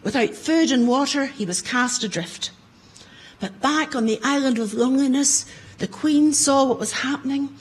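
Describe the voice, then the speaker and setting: A woman telling a folktale to an audience in a conference room, growing loud and dramatic in the battle scenes. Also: high-pitched, normal speed, husky, poor audio. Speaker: storyteller. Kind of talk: oral folktale storytelling.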